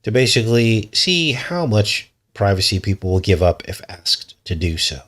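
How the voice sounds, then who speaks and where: A man's voice: fairly low pitch, sing-song, normal speed, a bit bright. A man hosting a news commentary vlog, reading articles aloud and breaking in with suspicious, skeptical remarks. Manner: suspicious, conspiratorial tone. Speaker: channel host.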